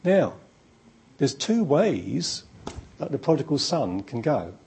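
A man's voice: medium pitch, very animated, takes it slowly, vocal fry, darkish tone, slight background noise. A man preaching a sermon in an emphatic, repetitive, storytelling manner.

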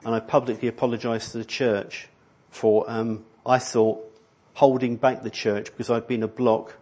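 A man's voice: mid-range voice, little pitch movement, normal speed, darkish tone. A middle-aged man preaching a sermon in a church hall, rambling and conversational, with many restarts. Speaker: pastor.

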